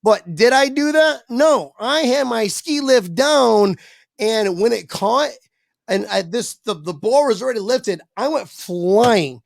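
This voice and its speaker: Gravelly man telling a rowdy story. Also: very high voice, takes it slowly, no echo. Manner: animated, swearing, acts out quoted voices. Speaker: podcast guest. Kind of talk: casual storytelling on a podcast.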